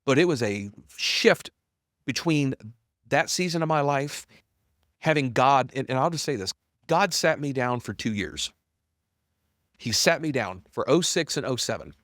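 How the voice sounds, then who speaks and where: Unhurried and with long pauses, a middle-aged founder candidly tells his story as a podcast guest, blunt and self-deprecating. He gets animated acting out quoted dialogue, jumping widely in pitch. The studio sound is clean, with no room sound.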